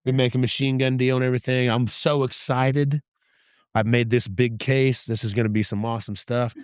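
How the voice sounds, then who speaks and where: A man's voice: mid-range voice, flat delivery, fairly quick, smooth, no echo, studio quality. A middle-aged man, a podcast guest, telling a story casually, acting out quoted dialogue and swearing freely.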